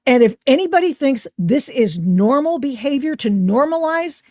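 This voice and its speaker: Animated sarcastic woman podcast host. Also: sits high, moderate pace, dry recording, studio quality. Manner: sarcastic, animated, mocking voices she quotes. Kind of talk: opinionated commentary over video clips.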